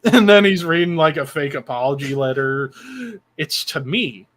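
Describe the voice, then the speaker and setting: A man's voice: fairly high pitch, normal speed. A young man hosting a live stream, retelling a comedy bit in casual, swear-heavy chat. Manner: animated, swears a lot, jumps into bits with funny voices. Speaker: stream host.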